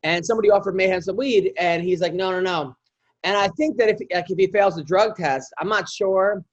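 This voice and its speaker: A man's voice: high-pitched, a little fast. A middle-aged man co-hosting a comedy podcast, telling rambling everyday stories in a casual chat. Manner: rambling anecdotal storyteller. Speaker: podcast co-host. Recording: slightly dull lo-fi audio.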